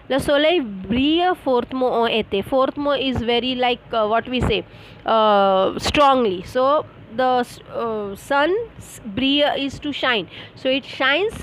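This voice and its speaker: A woman teaching an online French class, explaining slowly with many fillers and spelling words out letter by letter. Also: on the high side, low-quality recording.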